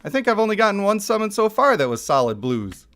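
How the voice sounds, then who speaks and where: Chatty, excitable male gaming streamer. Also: sits high, quick pace. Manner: chatty, excitable, laughs often. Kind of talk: casual game commentary. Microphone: desk microphone picking up chair rumble.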